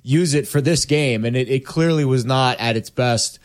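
A man's voice: mid-range voice, moderate pace. Rambling male sports panelist. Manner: rambling, fond of homespun comparisons. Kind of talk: casual sports debate.

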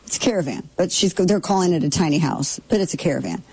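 A middle-aged woman riffs through casual commentary with a sarcastic, opinionated edge. Her voice sits a little low and sounds mellow rather than bright. She throws in mocking asides as she talks. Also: quick pace, breathy edge, low-quality recording. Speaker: commentary show host.

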